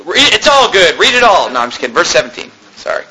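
An American man preaching a sermon, animated and mocking, swinging between loud points and low asides. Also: quick pace, low-quality recording. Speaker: pastor.

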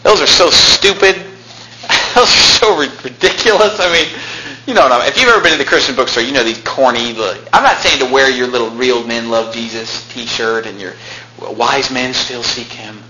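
A male pastor preaching a combative sermon, with big swings in pitch and loudness that climb to shouts. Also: moderate pace. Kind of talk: fiery Baptist sermon. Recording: echoey room with faint noise.

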